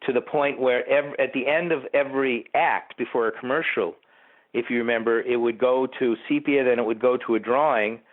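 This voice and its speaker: A man's voice: medium pitch, fairly quick. A man, a TV producer being interviewed, rambling through behind-the-scenes anecdotes with asides to the host. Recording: tinny phone-like line.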